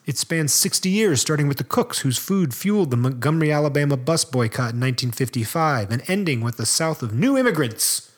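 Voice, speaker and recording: A man's voice: on the high side, animated, brisk. A man co-hosting a casual podcast, reading a profile aloud and breaking off for joking asides. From American South. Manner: reads aloud with asides and laughs.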